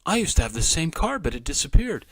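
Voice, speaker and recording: A hurt but forgiving young boy, put on by a man reading aloud, in a raised, loud boyish voice. The lines swing up and down with lots of life, recorded close and dry. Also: a little high, very animated, fast, no room sound, voice pushed up. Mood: excited. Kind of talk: children's storybook reading.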